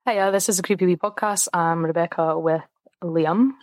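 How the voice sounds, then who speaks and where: A woman's voice: fairly low pitch, fairly even intonation, normal speed, darkish tone, no room sound, clean studio sound. A young Scottish woman co-hosting a podcast, chatting casually and rambling with frequent laughter. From Scotland. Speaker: podcast co-host. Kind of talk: casual chat. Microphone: phone or remote call.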